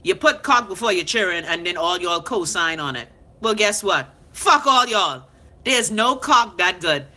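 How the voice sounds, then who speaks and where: With a lowish voice and a measured pace, a thirty-something Bahamian woman hosts a live stream and reads out comments. She delivers an unfiltered, blunt, profane rant, staying animated as she answers back to commenters.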